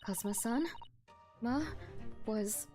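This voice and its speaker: A woman's voice: medium pitch, slow pace, music in the background, voice pushed down, close to an everyday voice. A woman voicing an earnest young female assistant in a pleading, urgent manner.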